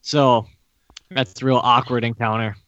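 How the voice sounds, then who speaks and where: A podcast co-host joking playfully in casual chat over a video call. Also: male voice, mid-range voice, fairly even intonation, unhurried, fairly bright tone, lo-fi sound.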